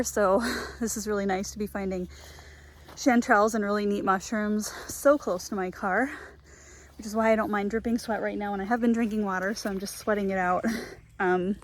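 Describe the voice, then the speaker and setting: A young woman chatting to her handheld camera outdoors in humid woods, giggly and self-deprecating, out of breath. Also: mid-range voice. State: out of breath and sweaty. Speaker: foraging vlogger. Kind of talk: casual vlog talk to camera.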